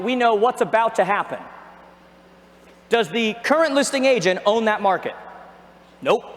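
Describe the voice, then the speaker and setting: A man giving an energetic seminar talk on a stage, asking the audience questions and joking with them. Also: very high-pitched. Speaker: real estate trainer. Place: large arena. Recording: echoey arena with long reverb.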